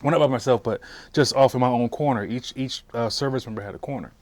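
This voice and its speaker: A man's voice: mid-range voice, fast, no room sound. A man, a military veteran, recounts his service in an oral history interview, talking casually with fillers and restarts. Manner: conversational, many fillers and restarts. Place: interview room at a history center.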